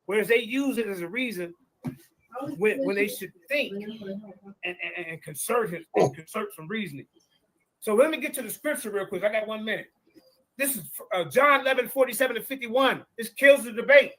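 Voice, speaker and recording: A man's voice: high voice, animated, normal speed, fairly bright tone, poor audio. A man debating over a video call, reading scripture aloud with preachy emphasis.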